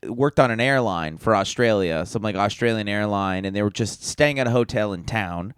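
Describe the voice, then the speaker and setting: A man's voice: fairly low pitch, moderate pace, clean tone, no room sound, studio quality. Rambling, chuckling podcast guy. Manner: rambling anecdote with filler words and laughs. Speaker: podcast co-host. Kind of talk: casual storytelling chat.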